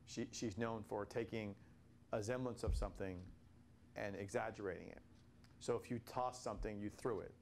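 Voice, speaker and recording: A man's voice: lowish voice, creaky, a little mellow, slight background noise. An older man leading a casual Bible study reflection, telling stories in a rambling way with many restarts.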